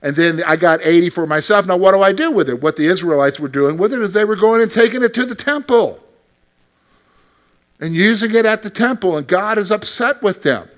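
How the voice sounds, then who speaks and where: A man teaching a Bible study lesson in a conversational way, asking his class questions and growing animated when he voices God's words. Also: sits high, brisk.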